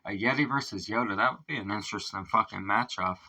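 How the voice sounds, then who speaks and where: A man's voice: lowish voice, quick pace, sharp tone, low-quality recording. A man hosting a reaction video in casual commentary, swearing, laughing often and marveling aloud at the lyrics.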